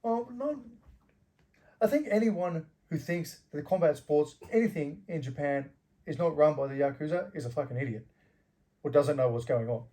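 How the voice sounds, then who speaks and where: Middle-aged man from Australia, former fighter, slightly high voice, animated storyteller, laughs and swears a lot. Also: moderate pace. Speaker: interview guest, former fighter. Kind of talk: casual anecdote-telling.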